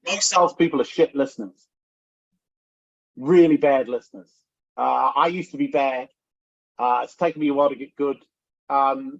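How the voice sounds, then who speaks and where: A man's voice: a little high, bright, forceful tone, low-quality recording. A man giving a sales training talk, speaking bluntly and conversationally, with frequent check-ins and the odd swear word.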